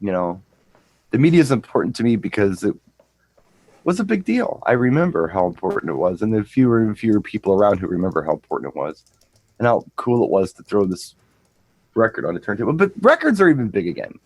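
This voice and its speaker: A middle-aged man with a low voice, chatting on a show. He rambles through an anecdote and trips over repeated words. The sound is close and dry. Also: very animated, fast, darkish tone, breathy edge, dry recording, rough recording. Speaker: co-host and DJ. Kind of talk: casual chat, storytelling.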